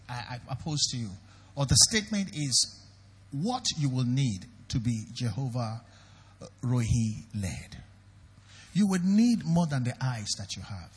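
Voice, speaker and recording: A man's voice: medium pitch, a bit bright, husky, in a large hall. A Nigerian man preaching a sermon as pastor, emphatic and questioning the congregation directly.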